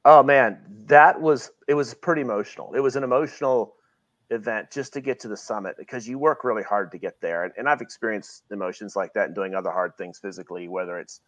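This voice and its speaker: A man's voice: lowish voice, fast talker, a bit bright, dry recording. A middle-aged man from Virginia, a guest talking earnestly and reflectively in a casual interview, often restarting his phrases. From Virginia, USA.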